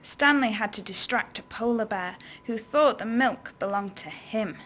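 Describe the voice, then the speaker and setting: A woman's voice: on the high side, moderate pace, a bit bright, a little hiss or hum. A woman teacher, reading a storybook to children expressively and stopping to ask them questions.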